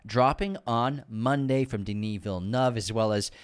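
A man with a Boston accent hosting a podcast, relaxed in casual chat and upbeat when reading the show's plugs. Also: mid-range voice, moderate pace, clean tone. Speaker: podcast host. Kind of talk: casual chat and show sign-off.

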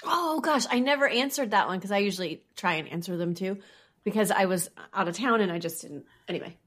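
A young woman co-hosting a podcast, chatting casually with lots of fillers and quick laughs. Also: medium pitch, animated, a bit bright. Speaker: podcast co-host. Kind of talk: casual chat.

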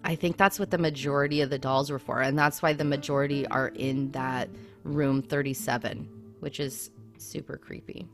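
Low-pitched woman co-host, chatty storyteller, faint music underneath. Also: a little fast. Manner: animated, lots of fillers like "I mean". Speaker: podcast co-host. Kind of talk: casual storytelling chat.

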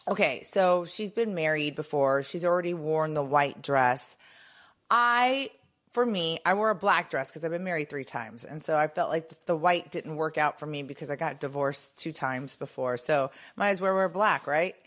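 Middle-aged female co-host, lower pitch, rambling gossipy delivery. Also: moderate pace, fairly bright tone. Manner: chatty, rambling with restarts and fillers. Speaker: show co-host. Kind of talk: casual gossip chat.

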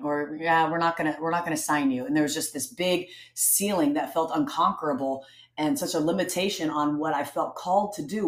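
A woman with a notably low voice speaks as a podcast guest. She talks earnestly and reflectively, restarting her sentences as she goes. The recording carries a roomy echo. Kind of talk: casual interview talk.

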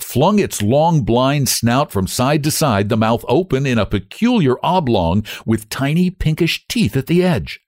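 A man reading a story aloud as narrator, in an expressive, dramatic manner. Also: mid-range voice, no echo, studio quality. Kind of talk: scripted narration.

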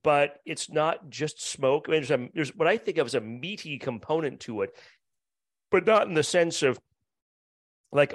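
A man's voice: on the high side, animated, normal speed, no echo. A man co-hosting a casual beer-tasting podcast, wry and facetious, often restarting his sentences. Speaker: podcast co-host.

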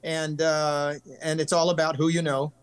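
A man's voice: fairly high pitch, little pitch movement, normal speed, smooth. Older man, earnest rambling storyteller. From California, USA. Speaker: guest, country singer. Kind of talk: casual interview chat.

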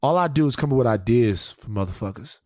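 A man's voice: mid-range voice, animated, fast talker, a little mellow, no echo, clean studio sound. A man co-hosting a podcast in casual chat, ranting in mock outrage and mimicking friends. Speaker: podcast co-host.

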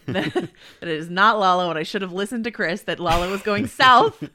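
A woman hosting a podcast, chatting about a TV episode with quick asides and frequent laughs. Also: fairly low pitch, lively intonation, sharp tone. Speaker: podcast host. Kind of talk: casual TV recap chat.

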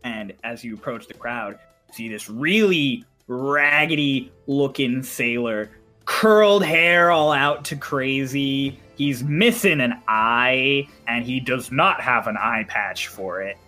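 A man runs a tabletop game, laying out each scene slowly and carefully. His voice sits in a middle register and he takes his time over each detail. Faint music plays behind him. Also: medium pitch, bright, forceful tone. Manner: unhurried, descriptive, with small fillers. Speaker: game master.

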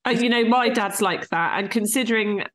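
Woman, from Portsmouth, blunt, animated, swears, casual chat. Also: on the high side, a little fast. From Portsmouth, England. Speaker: podcast co-host.

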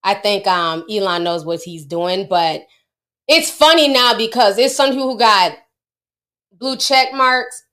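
A woman's voice: mid-range voice, measured pace, a bit bright. A middle-aged woman hosting a casual livestream, chatting with her viewers and laughing often. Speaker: livestream host.

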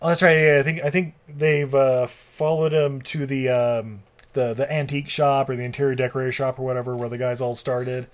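A man in loose, casual chat, rambling through a recap with many fillers and casual swearing. His voice sits at an ordinary middle pitch for a man. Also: little pitch movement, brisk.

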